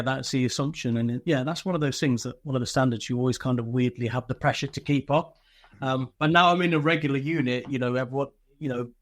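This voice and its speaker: A man's voice: mid-range voice, no echo. A man, telling candid stories from army life as an interview guest, swearing freely and laughing through them. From Britain. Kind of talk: casual interview storytelling.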